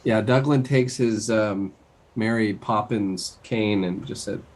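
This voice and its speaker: Slow, husky-voiced man playing a game. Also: lowish voice. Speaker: player.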